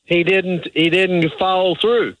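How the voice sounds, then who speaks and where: A man's voice: high voice, steady tone, slow pace, a bit bright, dry recording, rough recording. Rambling, hesitant man calling in. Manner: rambling, hesitant, full of restarts. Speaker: caller. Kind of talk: phone-in call.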